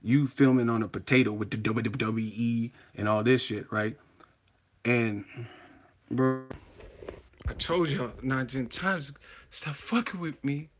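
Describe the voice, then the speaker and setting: A man's voice: mid-range voice, a little slow, long pauses. A man hosting a livestream reaction show, trash-talking in a brash, profane way. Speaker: boxing channel host.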